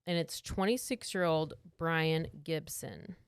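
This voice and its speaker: A woman's voice: low-pitched, takes it slowly, clear, resonant tone, no echo, clean studio sound. A woman co-hosting a podcast, casually retelling a true crime story with lots of "like" and acted-out quotes. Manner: chatty storytelling, acts out quotes, many "like"s. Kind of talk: casual chat.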